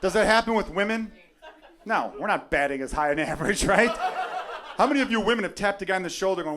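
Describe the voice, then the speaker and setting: A man's voice: high-pitched, lively intonation, quick pace, background noise. A male stand-up comedian from Chicago, brash and profane, riffing at a live club audience. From Chicago, USA. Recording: live club recording with loud crowd. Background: audience laughter.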